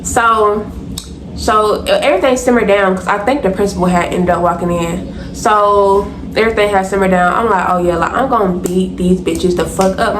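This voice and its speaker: A young woman telling a storytime vlog to her viewers, animated, blunt and profane, often calling them y'all. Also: medium pitch, roomy sound, a little hiss or hum, low-quality recording. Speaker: storytime vlogger. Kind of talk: casual storytime to camera.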